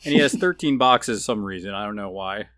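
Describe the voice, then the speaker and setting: Bright-voiced man joking about a game. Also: fairly low pitch, a little fast, no echo, studio quality. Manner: agreeable, jokey, chimes in with short affirmations. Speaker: podcast co-host. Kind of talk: casual tabletop game discussion.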